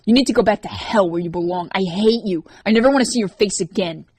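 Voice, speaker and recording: A woman voicing a frightened, furious teenage girl in an audiobook, accusing and shrill. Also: fast, darkish tone, slightly rough, dry recording, lightly acted.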